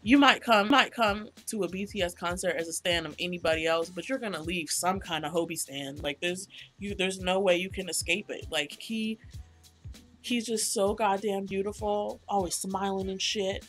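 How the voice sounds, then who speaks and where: A young woman vlogger chatting casually about a concert, gushing, excitable and full of slang and swearing. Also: mid-range voice, moderate pace, soft background music. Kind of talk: casual concert recap chat.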